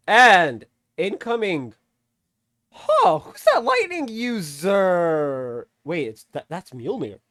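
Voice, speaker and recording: A man talks through a film recap in a lively, sing-song voice that jumps up and down as he gets worked up. He curses freely and laughs often. His voice is fairly high for a man and sits close to the mic in a dry room. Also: no echo. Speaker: movie reviewer. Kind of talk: casual spoken film recap.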